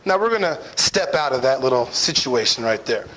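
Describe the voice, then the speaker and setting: A young man telling a personal story to an audience in a playful, animated way, acting out his own lines and often checking in with "right?". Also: medium pitch, brisk, slight background noise, low-quality recording. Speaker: speaker telling a personal lesson.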